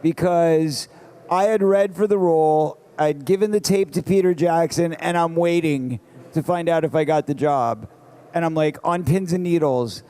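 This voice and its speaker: A man telling stories on a convention panel stage, lively and breaking into shouts. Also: fairly high pitch, moderate pace, smooth. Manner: animated storyteller, bursts into shouts. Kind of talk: casual panel chat.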